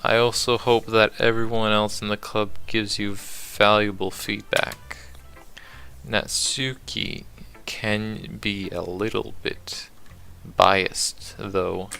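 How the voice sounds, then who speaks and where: A man reading the lines of a shy, bookish teenage girl from a game, soft and polite. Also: fairly low pitch, little pitch movement, takes it slowly, gravelly, faint music behind, heavily acted. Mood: gentle. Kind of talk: reading game dialogue aloud.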